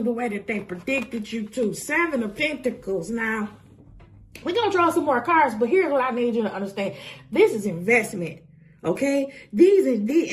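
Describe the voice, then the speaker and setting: A woman casually reading tarot to her viewers, blunt and sassy, peppering her talk with curses and preachy asides. Her voice sits a bit higher than most women's. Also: slight background noise. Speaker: tarot reader.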